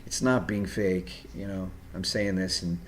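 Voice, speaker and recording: Low-voiced male host, unscripted and direct, earnest advice with halting restarts; slight background noise. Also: fairly even intonation. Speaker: video host giving personality-type advice.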